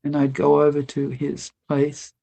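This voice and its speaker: An older woman, a guest telling lively stories in an interview, laughing often and acting out what people said. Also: sits low, unhurried, creaky. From Australia. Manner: lively anecdotal storyteller, laughs often, acts out quotes. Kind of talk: storytelling interview.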